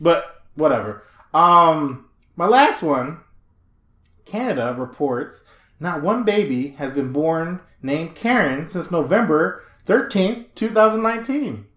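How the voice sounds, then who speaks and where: A man's voice: a little high, slow, reverberant. A man co-hosting a casual podcast chat, telling stories with lots of swearing and laughter. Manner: animated, profane, laughing storyteller. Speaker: podcast co-host.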